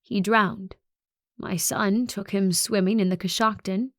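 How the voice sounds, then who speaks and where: A woman narrator voicing an elderly female school principal, speaking softly and with measured sorrow. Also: mid-range voice, steady tone, no echo, clean studio sound, lightly acted. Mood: grieving. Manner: soft, measured, quietly sorrowful.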